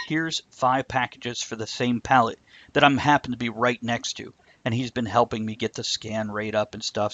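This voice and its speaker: A man's voice: mid-range voice, fairly bright tone. A man hosting a casual talk show, telling rambling, joking stories and voicing the people in them. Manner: rambling and joking, with lots of fillers and voiced quotes. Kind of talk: casual storytelling chat. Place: home studio for a live stream. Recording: dull, lo-fi, dry stream audio.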